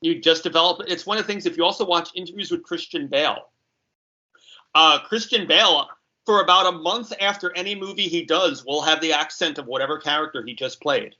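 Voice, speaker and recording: A man from New York talks in a casual podcast chat, animated and full of chuckles. His voice is very bright and sharp, a little high for a man, and the audio comes through muffled and lo-fi. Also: brisk. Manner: animated, talkative, chuckles often.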